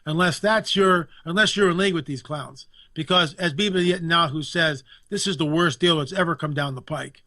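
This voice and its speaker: An indignant man holds forth as a guest commentator, hammering points home with repetition. His voice sits a little high and comes across bright and forceful. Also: brisk, few pauses, no echo. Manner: emphatic, indignant, repeats phrases for effect. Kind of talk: impassioned political talk.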